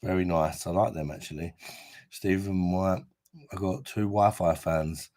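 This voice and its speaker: A man's voice: low voice, fairly even intonation, a little slow, a little mellow. A man chatting casually on a live stream, rambling and swearing freely, with a chesty cough from an infection. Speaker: livestream host.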